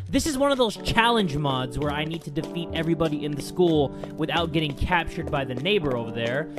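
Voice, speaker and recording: A young man giving loud, excitable let's-play commentary, swearing often, with game music behind. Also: a little high. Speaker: gaming YouTuber.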